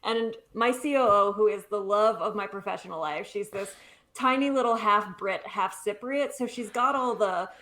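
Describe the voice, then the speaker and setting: A woman guest in a casual interview, speaking fast and bubbly with self-deprecating jokes over a video call. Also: mid-range voice, fairly bright tone. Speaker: guest, literacy nonprofit leader.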